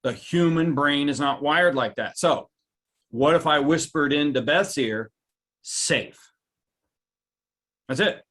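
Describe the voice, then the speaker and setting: A man presenting a live webinar, animated, reading out viewers' reactions by name and jumping up in pitch for emphasis. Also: a little slow. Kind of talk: lively live webinar talk.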